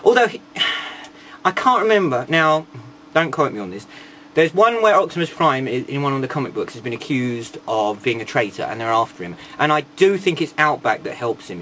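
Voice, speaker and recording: A man's voice: medium pitch, a bit bright, a little hiss or hum. Rambling, sarcastic man. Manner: rambling, irreverent, sarcastic asides. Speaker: toy reviewer. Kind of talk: casual toy review.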